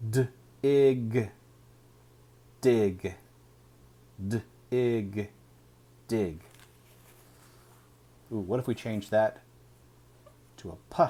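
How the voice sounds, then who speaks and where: A man teaching a phonics lesson, sounding out each word slowly and deliberately. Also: lowish voice, warm tone, slightly rough. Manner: slow, deliberate sounding out of words.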